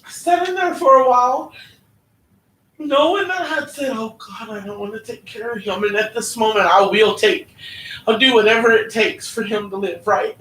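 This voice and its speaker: With a fairly high, slightly bright voice, fairly even intonation and a moderate pace, a woman offers a heartfelt personal testimony in a church hall. She's earnest and keeps adding "right?" to her lines, recorded with a roomy, distant feel and faint hum.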